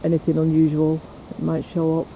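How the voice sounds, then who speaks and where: A man's voice: a little high, monotone, a little fast, creaky, mellow. A man, chatting casually to camera as he explores woods for a paranormal vlog. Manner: chatty, teasing, talks to camera. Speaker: paranormal investigator vlogger. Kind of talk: casual outdoor vlog narration. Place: outdoors on a windy hill and in woods. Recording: faint wind and outdoor noise.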